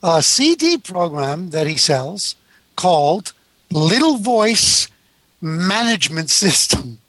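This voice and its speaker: A man's voice: on the high side, sing-song, takes it slowly, a bit bright, dry recording. A man with a North American accent hosting an interview, chatty and enthusiastic. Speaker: interview host. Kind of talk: interview conversation.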